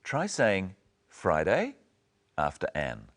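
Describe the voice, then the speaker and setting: Man, very low voice, wide-ranging intonation, scripted lesson narration, slow clear teaching. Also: huge pitch swings. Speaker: presenter.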